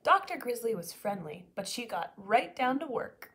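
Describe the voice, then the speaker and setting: Teacher reading to young children, expressive and animated, swooping pitch. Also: female voice, normal speed. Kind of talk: reading a picture book aloud to children.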